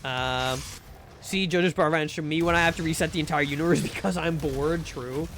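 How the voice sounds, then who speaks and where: High-voiced rambling young man streamer. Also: fairly quick, fairly bright tone, slight background noise. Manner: rambling, many fillers and restarts. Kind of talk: casual livestream chat while gaming.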